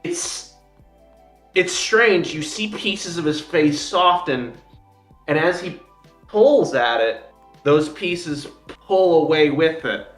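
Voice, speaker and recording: A man's voice: fairly high pitch, expressive, slow pace, roomy sound, soft background music. A man narrating a tabletop game as game master, drawing out his descriptions.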